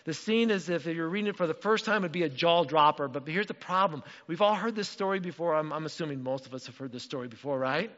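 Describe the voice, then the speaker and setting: A man preaching a sermon as pastor, animated and acting out the voices in the story. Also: sits high, big-room sound, highs cut off. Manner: animated, acts out quotes.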